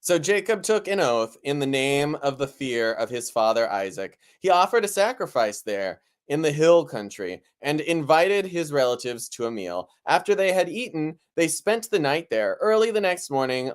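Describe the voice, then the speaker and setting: A man's voice: a little high, smooth. Playful man reading scripture, then riffing. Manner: playful, reads scripture then riffs with laughter. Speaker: podcast co-host. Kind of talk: comedic Bible reading and banter.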